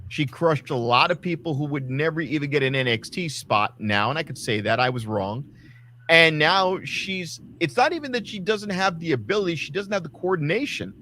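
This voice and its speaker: A man's voice: fairly high pitch, lively intonation, normal speed, sharp tone, a little hiss or hum. A man co-hosting a casual wrestling talk show, ranting with lots of swearing and acting out quotes. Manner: ranting, profane, acts out quotes. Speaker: podcast co-host.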